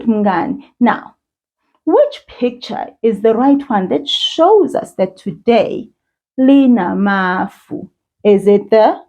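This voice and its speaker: A South African woman teaching children, with encouraging sing-song praise and slow call-and-repeat drills. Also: mid-range voice, warm tone. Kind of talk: slow, patient kids' lesson with call-and-repeat. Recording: dull lo-fi sound.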